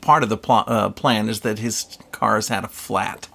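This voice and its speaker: An older man chatting as a podcast guest, musing wryly and a bit haltingly. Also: on the low side, steady tone, creaky, a bit bright. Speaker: guest, host's father. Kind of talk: casual chat.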